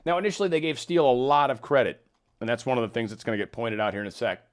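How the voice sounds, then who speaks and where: A man's voice: medium pitch, racing. A man talking through political news in casual solo commentary, with wry asides, reading documents aloud as he goes.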